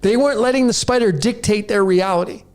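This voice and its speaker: A podcast host, a man in his late forties, rants rawly and preachily to his audience. His voice is high, fast and darkish in tone, with soft music playing behind him.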